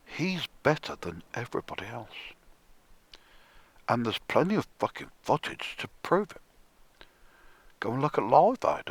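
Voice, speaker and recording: A man's voice: medium pitch, a bit bright, breathy edge, dry recording. A man delivering a sardonic, profane ranting monologue, often dropping into a whisper. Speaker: music commentator.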